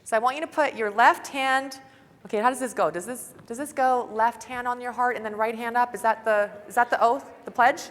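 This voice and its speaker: Bright-voiced woman rousing a hall. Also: fairly high pitch, steady tone, fairly quick. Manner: fervent, casual, audience-rousing. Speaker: conference speaker. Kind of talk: motivational seminar talk. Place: large conference hall. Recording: hall reverb from live event.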